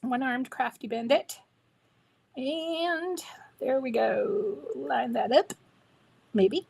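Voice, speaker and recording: A woman's voice: sits high, slow, gravelly, darkish tone, husky. A woman hosting a live crafting stream, chatting with viewers in a bubbly, enthusiastic way while she works. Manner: talks to viewers while working. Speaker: craft livestream host. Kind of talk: live crafting demo chat.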